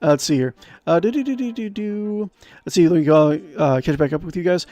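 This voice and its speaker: A man's voice: fairly high pitch, animated, a little fast, dark tone, lo-fi sound. A man streaming a text adventure game, reading the game text aloud and chatting in a rambling way. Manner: rambling, chatty, many fillers and restarts.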